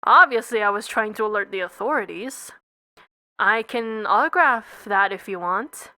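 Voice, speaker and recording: A woman's voice: medium pitch, lively intonation, normal speed, sharp tone, no room sound. A young woman giving a comedic reading of a whole film script, doing every part and the stage directions and stopping to comment on her own reading. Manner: reads all parts and stage directions, breaks off to comment and swear.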